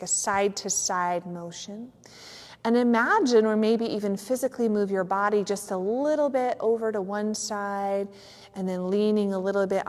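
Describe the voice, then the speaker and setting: A woman yoga teacher gently and slowly guiding a yoga nidra relaxation in a studio, with a few fillers. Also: medium pitch, big-room sound. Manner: soft, slow, soothing guidance with some fillers. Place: yoga studio on a cold evening.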